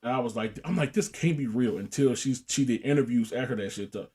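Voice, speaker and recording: A man's voice: mid-range voice, quick pace, dark tone. A young man co-hosting a podcast, telling a profane story in casual chat and laughing often. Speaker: podcast co-host.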